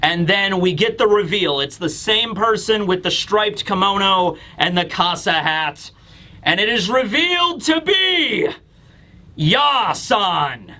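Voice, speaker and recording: A man casually reviewing a manga chapter, animated and acting out scenes with voices. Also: high voice, unhurried. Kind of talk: casual video commentary.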